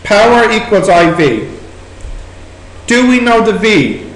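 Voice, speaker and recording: A man's voice: sits high, very animated, slow pace. A man with an Irish accent tutoring maths, asking students question after question as he works through exam problems in a classroom. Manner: questioning, prompting students step by step. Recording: echoey room recording with background noise.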